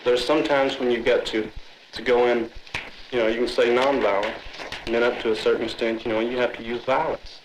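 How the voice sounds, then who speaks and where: A man's voice: mid-range voice, level tone, a little fast, noisy background. A man explaining steadily in a group discussion about his organization. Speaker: member of a street organization.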